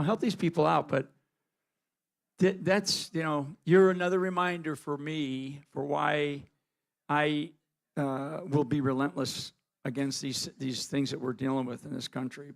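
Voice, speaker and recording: Man, gravelly fry in the voice, slightly high, rambling earnest talk. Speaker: speaker questioning a guest. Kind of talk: rambling onstage chat.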